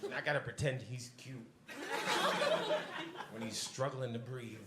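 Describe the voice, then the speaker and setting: A man's voice: medium pitch, measured pace, echoey room, very noisy. A man doing stand-up comedy with crowd work in a comedy club, brash and profane, with audience laughter behind him. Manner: brash, profane, animated delivery.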